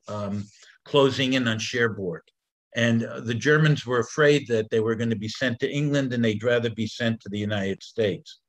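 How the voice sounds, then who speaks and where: An older man delivers a history lecture over slides. He tells the story at an unhurried pace, and filler sounds often break up his sentences. His voice sits at an ordinary mid-range pitch. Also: fairly bright tone, rough recording. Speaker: presenter of an education program.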